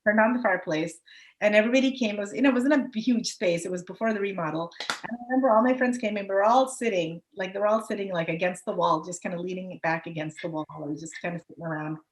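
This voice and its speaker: A woman's voice: mid-range voice, fast. Chatty woman in her fifties. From United States. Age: 50s. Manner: rambling, full of "like" and "you know". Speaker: podcast guest. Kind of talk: casual storytelling.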